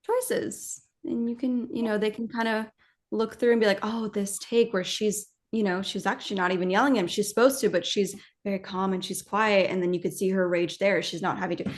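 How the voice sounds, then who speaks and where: A woman actress talking casually in an interview, animated and rambling, with many fillers and restarts. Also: medium pitch, brisk.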